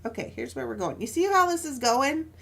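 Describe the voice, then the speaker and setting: A woman's voice: sits high, sing-song, fairly quick, vocal fry, a bit bright. A woman casually chatting while she crafts jewelry on a live stream, telling stories with frequent laughs and asides.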